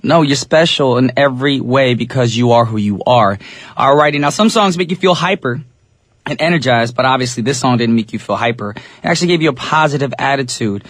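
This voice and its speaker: A young man hosting a radio show in a studio, chatting casually and talking straight to his listeners, his voice a little raspy. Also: medium pitch, a little fast, fairly bright tone, no room sound. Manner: easygoing, chatty, addresses listeners directly. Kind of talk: English-language radio DJ chat.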